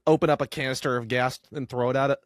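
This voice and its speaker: A player in a tabletop game who gets excitable, tripping over words and swearing. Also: mid-range voice, fast, dry recording, clean studio sound. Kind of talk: playing a tabletop game, casual.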